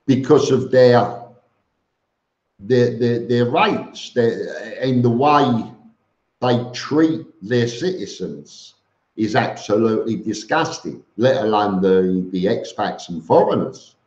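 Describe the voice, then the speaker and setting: Slow, blunt London man in a roomy room. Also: medium pitch, expressive, a little mellow. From East London, England. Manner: blunt and rambling, many ums and restarts. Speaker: vlogger hosting a live stream. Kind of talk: casual live-stream chat answering viewers. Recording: roomy, slightly dull audio.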